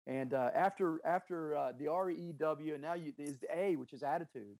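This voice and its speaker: A man's voice: on the high side, brisk, darkish tone, dry recording. A middle-aged man, a business owner, telling leadership stories in an interview, earnest and emphatic. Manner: earnest, emphatic, anecdotal with quoted dialogue. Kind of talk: interview, storytelling about leadership.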